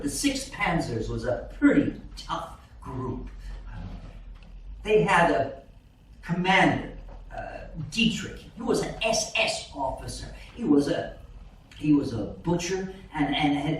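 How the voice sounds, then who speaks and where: An actor on stage playing an aging war veteran grandfather who tells his story haltingly, stumbling and repeating words. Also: fairly high pitch, expressive. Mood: reminiscing. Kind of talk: live stage monologue. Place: small theater stage. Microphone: far room camera. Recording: echoey theater from far off, faint hiss.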